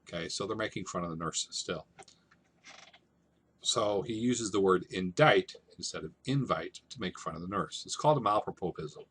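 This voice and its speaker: Male teacher with a lowish, husky voice, relaxed and chatty as he walks through slides. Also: normal speed. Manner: relaxed, conversational, paraphrasing in plain modern speech. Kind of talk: casual classroom explanation.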